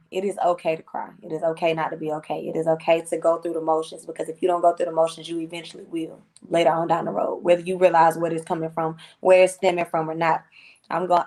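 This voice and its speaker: Woman musician on a podcast, slightly lowish voice, earnest slangy talk, repeats herself. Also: flat delivery, quick pace. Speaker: guest musician. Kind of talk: casual interview talk.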